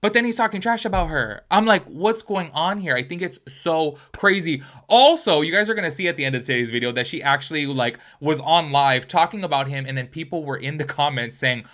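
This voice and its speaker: A man hosting a gossip commentary video, chatty and animated as he gives his opinions. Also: on the high side, brisk, hardly any pauses. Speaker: commentary channel host.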